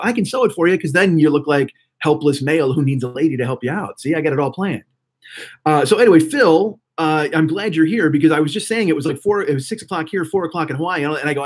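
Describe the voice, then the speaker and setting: A man's voice: fairly high pitch, breathy edge. A man in his forties hosting a live stream, chatting casually and rambling profanely to viewers in the chat. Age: 40s.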